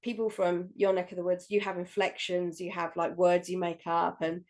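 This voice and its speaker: A woman's voice: lowish voice, flat delivery, moderate pace, a little mellow. A woman from England with a standard southern English accent, co-hosting a casual film podcast, chatty with many ums and restarts. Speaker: podcast co-host.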